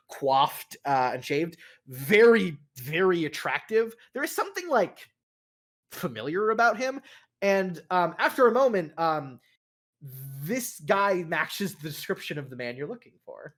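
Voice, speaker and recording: Serving as game master for a tabletop role-playing game, a man narrates in a rambling way, full of fillers and restarts. His voice is a little high and a bit bright.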